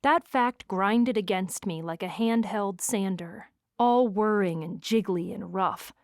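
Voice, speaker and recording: A woman reads a first-person romance audiobook with expressive, wry delivery at a middling pitch. The recording is dry and close, with no room around it. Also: slow pace, no echo. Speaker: audiobook narrator.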